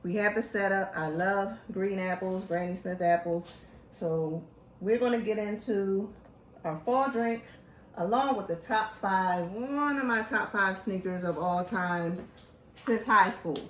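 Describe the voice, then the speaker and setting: A woman from Philadelphia hosting a casual show, talking in an animated, joking, chatty way. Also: mid-range voice, measured pace, echoey room, slight background noise. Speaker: host. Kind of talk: casual chat.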